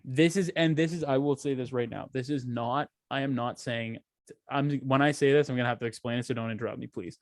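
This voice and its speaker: A young man co-hosting a casual podcast chat, animated and profane, acting out little scenes as he talks. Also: medium pitch, a little fast, no echo, studio quality. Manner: animated, acts out quoted voices, swears a lot. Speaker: podcast co-host.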